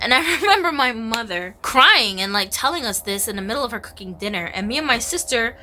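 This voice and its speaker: Bright-voiced woman telling a story casually. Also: fairly high pitch, a little fast, hardly any pauses, slight background noise. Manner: casual and chatty, heavy use of "like"; animated, acts out quoted dialogue. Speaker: vlogger. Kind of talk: storytime vlog.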